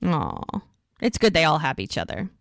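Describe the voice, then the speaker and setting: A woman's voice: low voice, sing-song, normal speed, gravelly, no room sound. A woman co-hosting a podcast, chattily retelling an episode scene by scene with frequent fillers. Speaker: podcast co-host. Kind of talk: casual episode recap.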